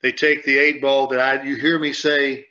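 A man's voice: mid-range voice, level tone, normal speed, pushed and bright. A man on a sports radio show, rambling and repeating himself as he tells a story and acts out what people said. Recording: dull lo-fi sound.

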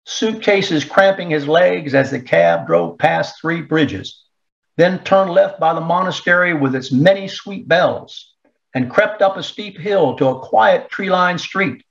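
A man's voice: on the high side, vocal fry. Man reading a story, dull lo-fi sound. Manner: steady, measured storytelling with rhythmic repetition. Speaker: narrator. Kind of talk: scripted narration of a story. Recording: dull lo-fi recording.

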